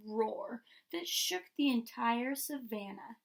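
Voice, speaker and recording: Slow-reading woman with a gravelly voice. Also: a little high. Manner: slow, expressive reading with small slips. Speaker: storyteller. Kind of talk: children's book read-aloud.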